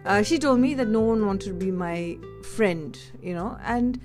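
A woman from Delhi shares personal stories in a candid, reflective way, often pausing to search for her words. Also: medium pitch, a little mellow, soft background music. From India (Delhi). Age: adult. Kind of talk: personal storytelling monologue.

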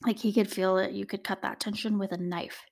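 A woman's voice: medium pitch, little pitch movement, brisk, vocal fry. Chatty woman hosting a true crime podcast. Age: adult parent. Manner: chatty, indignant asides to listeners. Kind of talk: casual storytelling.

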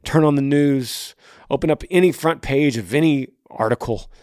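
A man hosting a podcast, answering a listener's question on faith with passion, swinging between hushed and raised delivery. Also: mid-range voice, normal speed, no room sound, clean studio sound. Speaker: podcast host.

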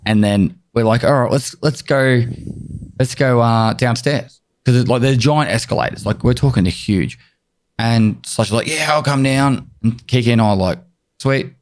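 A man co-hosting a casual podcast, telling animated stories and swearing freely. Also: medium pitch, moderate pace. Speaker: podcast co-host.

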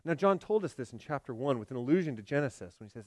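A man preaching a sermon, swinging from loud emphatic lines to hushed, low delivery. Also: lively intonation, fast, hardly any pauses, dry recording, studio quality. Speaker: pastor.

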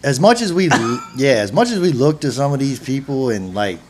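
A man in his forties hosting a casual chat, talking in a halting, rambling way with frequent restarts. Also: mid-range voice, animated, slight background noise. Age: 40s.

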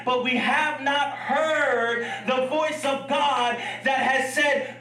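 A man's voice: very high-pitched, slow, hardly any pauses, pushed and bright, echoey room, far from the mic, low-quality recording. A man preaching a sermon in a church, telling a story with humor and laughing asides. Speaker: pastor. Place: church sanctuary.

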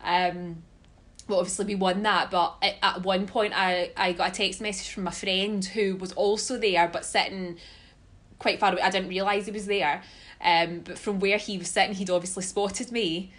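A Scottish woman telling stories as a guest in a casual podcast chat, chatty and quick to laugh. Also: mid-range voice, steady tone, a bit bright. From Scotland. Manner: chatty storyteller, laughs often.

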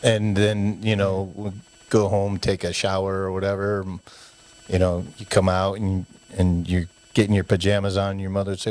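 A man's voice: low-pitched, moderate pace. A man from the United States casually telling childhood stories, acting out his parents' voices as he goes. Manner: animated storyteller who acts out parents' voices. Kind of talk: casual storytelling chat.

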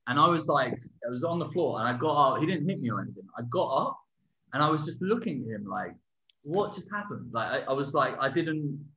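A man telling a story in casual chat, animated and swearing, acting out what people said. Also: medium pitch, fast talker. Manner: animated, swearing, acts out quotes loudly. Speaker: podcast co-host. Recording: dull lo-fi sound.

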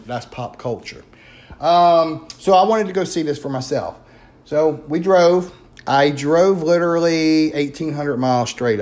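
A man with a Louisiana accent tells a story in a loose, animated way. He fills his talk with "um" and "you know." His voice sits at an ordinary middle pitch. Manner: chatty and animated, many fillers. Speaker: paranormal investigator. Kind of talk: casual storytelling.

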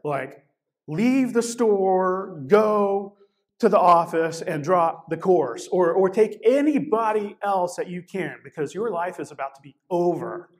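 A man doing an excitable southern bookstore guy. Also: high-pitched, measured pace, voice pushed up. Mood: urgent. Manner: urgent, warning. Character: excitable young male bookstore worker with a southern drawl.

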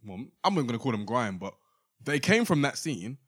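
Lively man stating firm opinions. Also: mid-range voice, normal speed, breathy edge. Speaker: podcast co-host. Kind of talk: casual podcast banter.

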